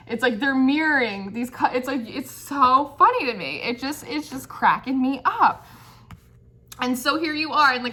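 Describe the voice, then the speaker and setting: A woman's voice: on the high side, bright, forceful tone. A woman giving a casual, chatty tarot reading, peppering her talk with "like" and giggling. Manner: chatty, says like constantly, giggly. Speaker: tarot reader.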